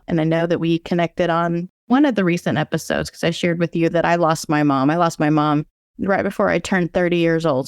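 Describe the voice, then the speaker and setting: Smooth-voiced woman podcast co-host. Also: on the low side, no echo, clean studio sound. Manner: sincere, gentle and personal. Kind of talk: casual podcast chat.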